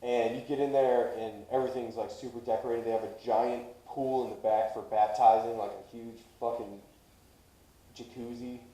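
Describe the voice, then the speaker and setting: A man's voice: medium pitch, moderate pace. A man telling a long story on a casual podcast, swearing a lot and acting out the people in it. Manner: profane, animated storyteller doing voices. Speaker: podcast co-host. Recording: echoey room, off-mic.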